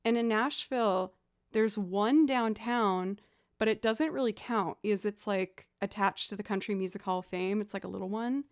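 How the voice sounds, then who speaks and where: A young woman from the Boston area, USA, chats casually with viewers on her music livestream in a Boston accent, peppering her talk with likes and you-knows. Her voice is medium-pitched and her pace moderate.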